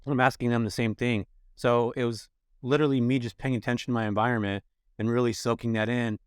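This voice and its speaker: A man's voice: fast talker, clear, resonant tone, no room sound, studio quality. A middle-aged man from California, a podcast guest telling his story casually and acting out the people he quotes. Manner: animated, acts out quoted people with raised pitch. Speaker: podcast guest, rental business owner.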